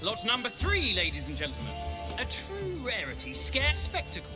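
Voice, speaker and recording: An actor voicing a pompous auctioneer in a video game who calls out bids with grand, showy flourishes. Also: male voice, very high-pitched, wildly swooping pitch, moderate pace, over loud music, exaggerated voice. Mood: grandiloquent. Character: pompous theatrical male auctioneer.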